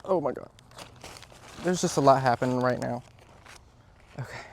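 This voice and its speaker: A young man chatting casually outdoors as he repots plants, excitable and quick to exclaim at things around him. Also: medium pitch, gravelly, a little hiss or hum. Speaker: vlogger. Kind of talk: casual chat while gardening. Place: outdoors, yard.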